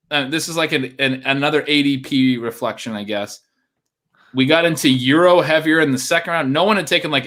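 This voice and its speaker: A man's voice: mid-range voice, a bit bright. A man co-hosting a casual podcast chat, thinking aloud as he weighs draft picks. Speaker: podcast co-host.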